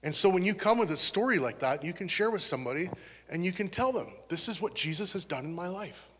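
Pastor, male, slightly high voice, earnest conversational testimony, long hall reverb. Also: expressive, quick pace, a bit bright, a little hiss or hum. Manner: earnest, conversational, turns emotional. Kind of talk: testimony sermon.

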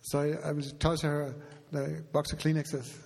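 A man, a pastor, speaking to his congregation in a halting, emotional way with touches of humor. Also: a little high, little pitch movement, gravelly, a little mellow. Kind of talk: heartfelt address to congregation. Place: church sanctuary. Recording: long reverb of a large hall.

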